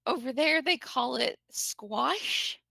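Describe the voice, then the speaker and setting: American woman, English teacher, lively and chatty; higher voice with a crisp bright tone. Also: slow pace, no echo, poor audio. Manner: animated, chatty, laughs often. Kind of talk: casual conversation.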